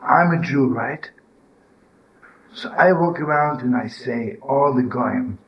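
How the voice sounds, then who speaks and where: Older male teacher telling stories, informal and searching, bursts into high scolding, some noise behind. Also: slow pace, low-quality recording. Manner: storytelling, with frequent "you know" and "right?"; swings to loud, high scolding when voicing the inner voice. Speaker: rabbi and storyteller.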